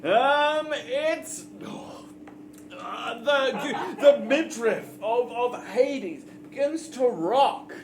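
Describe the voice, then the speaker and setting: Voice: mid-range voice, animated, extremely slow, a crowd in the background. A New Zealand-accented guest game master improvising tabletop narration, hesitant and full of ums and restarts. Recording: echoey room with background noise.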